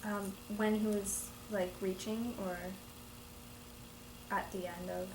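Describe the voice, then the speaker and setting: A woman's voice: medium pitch, flat delivery, slow pace. A teenage girl student who explains a passage and reads aloud, hesitant with many ums. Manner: hesitant, full of ums and likes. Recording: echoey room with faint noise.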